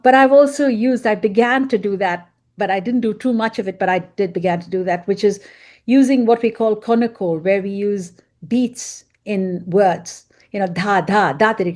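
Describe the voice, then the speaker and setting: A woman's voice: medium pitch, a little mellow. A woman composer on a video call, explaining her work earnestly, often correcting herself mid-sentence. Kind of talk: video call panel talk.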